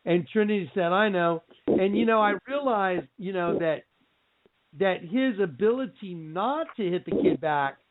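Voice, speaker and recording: High-voiced excitable man on a tinny line. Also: unhurried. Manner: animated, breaks into shouts and laughs. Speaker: radio show host. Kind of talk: excited religious radio talk. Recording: tinny phone-like line with faint noise.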